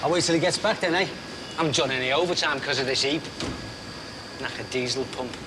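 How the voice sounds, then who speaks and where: An actor playing a blunt, nagging lorry driver and former shop steward. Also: male voice, medium pitch, fast talker, lightly acted. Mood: grumbling. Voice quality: blunt, needling. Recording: TV drama with clear background noise.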